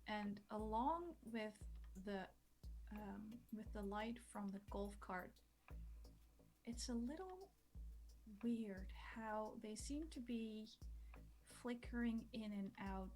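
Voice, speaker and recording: A woman's voice: medium pitch, slow pace, long pauses, darkish tone. A woman running a tabletop horror game as game master, narrating the scene and checking in with the players.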